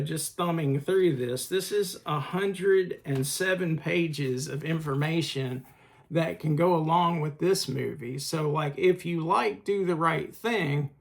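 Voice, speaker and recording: A film channel host with a slightly high, creaky voice gives a casual video review of films. He speaks haltingly, with lots of filler pauses, and shows a collector's enthusiasm.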